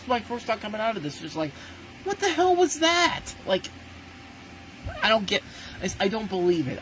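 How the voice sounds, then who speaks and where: A man's voice: on the high side, low-quality recording. Man, movie review host, casual spoken review, blunt, ranting, restarts sentences, faint background noise.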